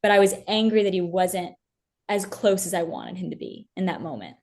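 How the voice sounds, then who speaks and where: A woman's voice: fairly low pitch, animated, normal speed, darkish tone. A young woman as an interview guest, talking earnestly and from the heart about her faith, with many fillers and restarts. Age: young adult.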